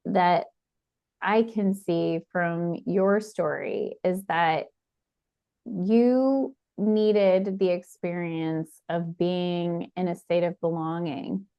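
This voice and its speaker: A woman's voice: fairly low pitch, steady tone, drawn-out words, smooth, lo-fi sound. A woman hosting a podcast, speaking thoughtfully in casual conversation. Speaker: podcast host.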